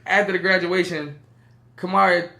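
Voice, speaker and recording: Man, podcast co-host, casual storytelling, animated, laughs often, high-ish voice. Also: moderate pace, creaky.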